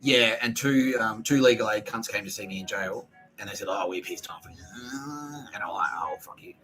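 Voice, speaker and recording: Rambling, sharp-toned man. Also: lowish voice, normal speed, soft background music, low-quality recording. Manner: profane, rambling, restarts sentences. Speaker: podcaster. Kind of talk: rambling solo podcast monologue.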